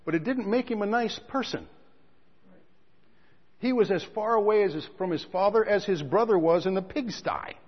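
A fairly high, husky-voiced man preaching in a casual storytelling way, his voice dropping low and rising to loud peaks. The recording is dull and lo-fi, with a long reverb from a large hall. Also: animated, normal speed. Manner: storytelling, swings from quiet asides to shouting. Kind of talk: sermon.

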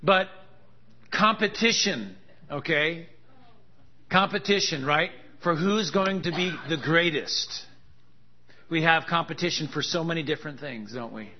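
A man's voice: fairly high pitch, unhurried. A man preaching a sermon, with joking, laughing asides and emphatic contrasts that build in intensity. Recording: dull lo-fi sound.

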